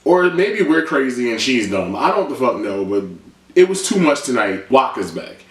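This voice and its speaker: This TV recap vlogger has a medium-pitched, sing-song voice and a moderate pace. He delivers a blunt, sarcastic, comedic episode rundown, loose and full of swearing. The recording sounds roomy, captured from a distant mic.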